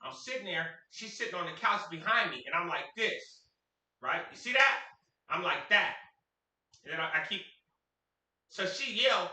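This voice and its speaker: A man from Sacramento tells a story to camera in a slangy, animated way, his voice high and swinging. The tone is bright and sharp. He is recorded in an echoey room. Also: moderate pace. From Sacramento, California. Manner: animated, slangy, acts out quotes.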